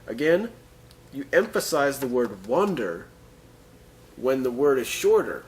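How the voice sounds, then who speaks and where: A man giving a casual English pronunciation lesson, reading example sentences slowly and breaking off for joking asides. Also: medium pitch, big pitch swings, a little hiss or hum.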